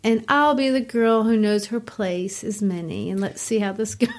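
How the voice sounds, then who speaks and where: A woman's voice: medium pitch, moderate pace. Woman teacher chatting thru a lit lesson, casual, some uhs, mid voice. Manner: conversational, explanatory, with fillers. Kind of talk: literature lesson.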